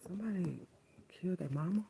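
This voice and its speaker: A woman's voice: lowish voice, animated, fast talker, gravelly, a little hiss or hum. A woman vlogger in a casual, unscripted rant to camera, blunt and profane, who keeps repeating her points. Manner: coos softly at her dogs in between.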